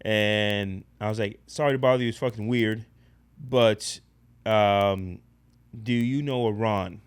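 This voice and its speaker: A man casually telling a personal story in a blunt, profane, animated way as a podcast guest. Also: fairly low pitch, slow, smooth.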